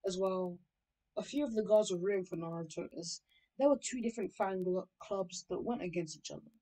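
A woman's voice: mid-range voice, brisk, warm tone, rough recording. A woman casually narrating a fan story, rambling, swearing and correcting herself as she goes.

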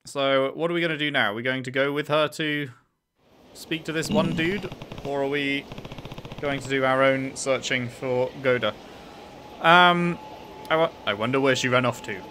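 A man's voice: medium pitch, moderate pace, bright, forceful tone. A man giving casual, chatty commentary while playing a game, puzzled at times and swearing freely. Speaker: let's play gamer. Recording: noisy, with game sounds behind.

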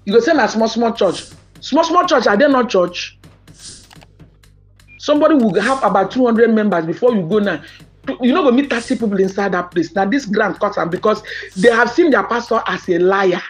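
A woman's voice: medium pitch, brisk, faint music behind. A woman with a Nigerian accent speaking to subscribers in an impassioned monologue, emphatic and mixing Pidgin and English, with outraged questions.

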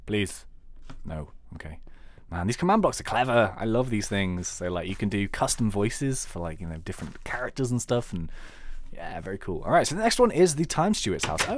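Chatty, joking British young man. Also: fairly low pitch. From Britain. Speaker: game let's-player. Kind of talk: casual gameplay commentary.

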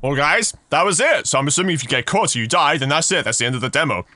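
Excitable man playing a horror game. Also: a little high, fast, no echo. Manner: excitable, reacting out loud to the game. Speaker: gaming channel host. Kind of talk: horror game let's play commentary.

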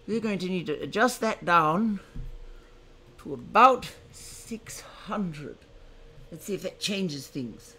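Brief: man, live-stream host, theatrical and self-mocking, high voice that swings widely in pitch. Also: expressive, slow, sharp tone, a little hiss or hum. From United States. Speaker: streamer hosting his first live stream. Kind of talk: casual live-stream chat.

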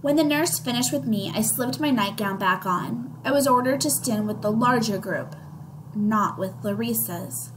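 A woman's voice: fairly high pitch, normal speed, noisy background. A woman reading a children's novel aloud, narrating expressively in the first person. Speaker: reader.

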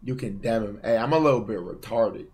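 A man's voice: on the low side, a little fast, background noise. Chatty young man reacting to clips. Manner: chatty, asks viewers for agreement. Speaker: reaction channel host. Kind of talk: casual reaction commentary.

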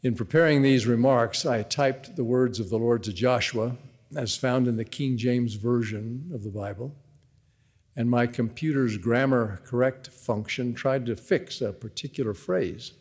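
A man's voice: mid-range voice, darkish tone, slightly rough. Earnest man preaching in echoing arena. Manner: measured, earnest, reads scripture aloud. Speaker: devotional speaker. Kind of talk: devotional sermon. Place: large university arena. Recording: long hall reverb in large arena.

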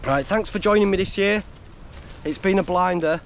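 Male outdoor vlogger, upbeat, chatty, slightly high voice, recorded outside on a camera mic. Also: moderate pace, a little hiss or hum. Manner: enthusiastic, swears, chatty with his dog. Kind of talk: casual outdoor vlog talk. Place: outdoors in woods.

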